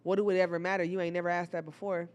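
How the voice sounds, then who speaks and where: Talking to her viewers in a lowish voice at a racing clip, a young woman tells a personal story. She's casual, animated and profane, frequently addressing the audience directly.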